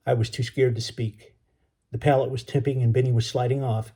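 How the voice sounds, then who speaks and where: A man reads a chapter of his own novel aloud as an author and teacher, easy and relaxed. His tone is mellow and dark at an average pitch. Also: fairly quick. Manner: casual, relaxed greeting. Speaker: author and educator.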